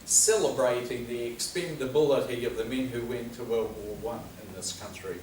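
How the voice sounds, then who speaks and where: A middle-aged man gives a relaxed, story-driven lecture at a men's talk. The mic sits well away from him, so his voice sounds roomy, with a faint ambience behind it. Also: medium pitch, normal speed, distant mic, a little hiss or hum. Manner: conversational, anecdotal storytelling. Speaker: speaker at a men's health talk. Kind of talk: informal lecture.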